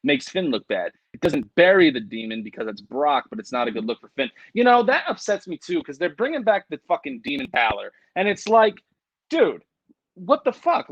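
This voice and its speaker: A man's voice: fairly high pitch, very animated, moderate pace, dry recording, highs cut off. A man co-hosting a casual livestream chat, swearing freely and reading viewer comments aloud. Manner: profane, rambling, reads viewer comments aloud. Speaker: co-host.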